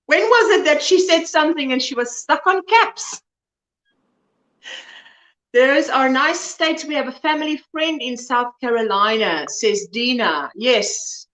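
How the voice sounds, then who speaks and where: A woman hosts a relaxed crochet livestream, chatting easily and reading out viewer comments as she works. Her voice sits a little high and moves a lot in pitch. The sound has a noticeable room echo. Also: a little slow. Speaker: livestream host. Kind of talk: casual chat while crocheting.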